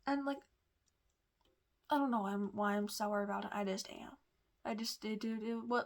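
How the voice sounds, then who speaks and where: A woman's voice: a little high, steady tone, normal speed, pauses often. Rambling chatty woman vlogger. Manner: rambling, lots of fillers and restarts; chatty, confiding. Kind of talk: casual storytelling.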